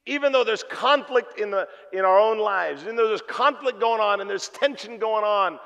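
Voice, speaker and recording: A man preaching a sermon as pastor, telling jokey stories and swinging between loud and hushed delivery. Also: sits high, moderate pace, gravelly, few pauses. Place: church hall. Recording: long reverb of a church hall.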